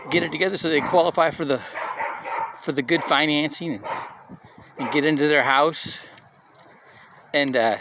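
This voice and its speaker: Against a noisy background, a middle-aged man with a fairly high-pitched voice speaks at a community live session. His casual motivational talk is made of personal stories told conversationally, and he often checks in with "right?".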